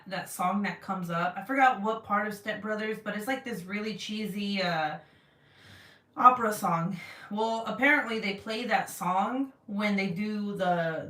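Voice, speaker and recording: Chatty woman, roomy and far from mic. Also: medium pitch. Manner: animated, laughs often, swears casually. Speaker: vlogger reading live chat. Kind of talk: casual storytelling livestream. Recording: roomy sound, mic set back.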